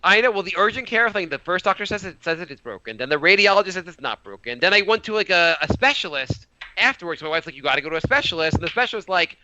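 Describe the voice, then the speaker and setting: A man on a podcast with a high, very bright voice, telling stories with big swings in pitch and acting out what others said. The sound is dry and a little muffled. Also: fast. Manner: animated storytelling with voiced quotes. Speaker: podcast co-host. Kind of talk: casual chat.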